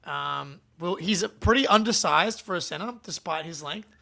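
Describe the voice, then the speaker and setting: A man co-hosting a casual live stream, excitable and laughing often, quick to apologize. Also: a little high, gravelly. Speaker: podcast co-host.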